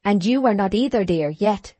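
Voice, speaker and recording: A woman's voice: mid-range voice, expressive, moderate pace, warm tone, no echo, natural voice. Woman reading a determined young working man. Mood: firm. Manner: firm, determined. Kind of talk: audiobook character reading.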